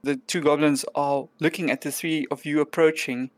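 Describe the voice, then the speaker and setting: A man running a tabletop game as game master, narrating in a relaxed way and often chuckling. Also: a little high, moderate pace, no echo.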